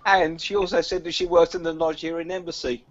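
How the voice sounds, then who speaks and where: A man's voice: fairly high pitch, little pitch movement, a little fast. A man hosting a casual home-brewing video hangout, rambling and joking with lots of fillers. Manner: jokey, rambling, lots of "like" and "sort of". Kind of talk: casual banter on a group video call. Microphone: video call. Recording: dull lo-fi video call audio with background noise.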